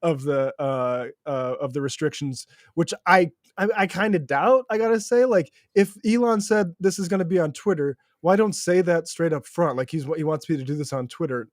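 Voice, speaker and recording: A man's voice: fairly high pitch, normal speed, few pauses, no echo, clean studio sound. A man co-hosting a political podcast, talking bluntly and emphatically, swearing and laughing mid-sentence. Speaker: podcast co-host. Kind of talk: casual political chat.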